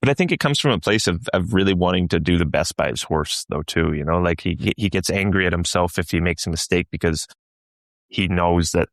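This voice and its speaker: Podcast guest: Canadian man, very low voice, thoughtful and halting, dry close mic. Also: no room sound. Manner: reflective, many restarts and fillers. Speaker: show jumping guest. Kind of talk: casual podcast chat.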